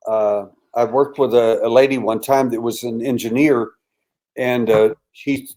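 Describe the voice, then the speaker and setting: Older man telling a story, hushed then lively. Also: mid-range voice, a little slow. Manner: animated storyteller who acts out quoted voices and drops to a hushed tone. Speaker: interview guest. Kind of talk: storytelling in a casual interview.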